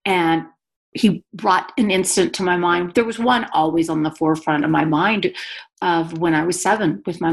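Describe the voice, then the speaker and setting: A woman guest telling a personal story on a podcast in an earnest, confessional way. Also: fairly low pitch. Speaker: guest author and speaker.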